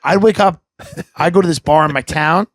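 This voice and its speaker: A man's voice: fairly high pitch, a little fast, no room sound, clean studio sound. A man hosting a podcast, telling rambling, profane stories in casual chat and mimicking the people in them. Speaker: podcast host.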